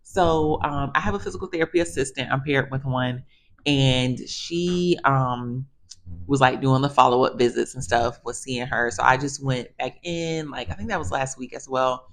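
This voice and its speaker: A woman physical therapist telling stories in a chatty, animated way, addressing viewers casually. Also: a bass voice, normal speed, slight background noise. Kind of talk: casual storytelling monologue.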